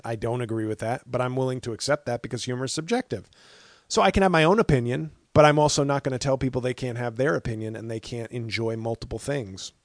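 A man's voice: medium pitch, no echo, studio quality. A male comedian hosting a podcast, talking in a rambling, opinionated monologue with many restarts and fillers.

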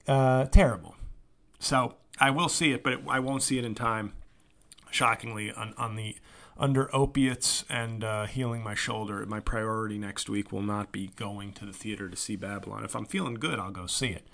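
A man's voice: on the low side, steady tone, moderate pace, vocal fry, fairly bright tone. A man hosting his own podcast, talking in a rambling, sarcastic way, swearing freely and griping about movies. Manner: sarcastic, rambling, swears freely, mocks actors with put-on voices. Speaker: podcast host. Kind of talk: casual solo podcast monologue.

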